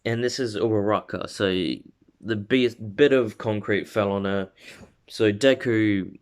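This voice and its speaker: A man with a somewhat low voice casually spins out a fan-made story. He rambles, circles back and corrects himself mid-sentence, stringing events together loosely. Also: measured pace. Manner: rambling, many fillers and self-corrections. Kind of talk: casual fan-fiction retelling.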